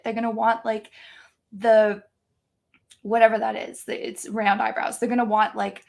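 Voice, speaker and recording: A woman in her thirties, a guest telling stories in a chatty, animated way, full of "like" fillers. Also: on the high side, normal speed, vocal fry, long pauses. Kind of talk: casual storytelling.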